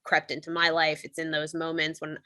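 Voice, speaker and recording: A woman's voice: deep voice, monotone, brisk, pushed and bright, no room sound. Woman, earnest, chatty reflective sharing, dry close sound. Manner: earnest, conversational, many fillers.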